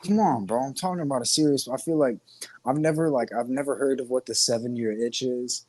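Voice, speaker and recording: A man's voice: mid-range voice, brisk, a little mellow, no room sound. A man co-hosting a podcast, talking in a rambling, profane, joking way and laughing often. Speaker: podcast co-host. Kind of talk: crude casual chat.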